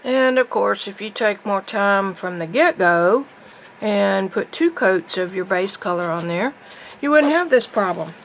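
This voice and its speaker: A woman's voice: mid-range voice, expressive, a little slow, a little hiss or hum, low-quality recording. A woman, chatting folksily through a painting tutorial as she works. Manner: chatty, folksy, thinking aloud while painting. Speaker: painting teacher.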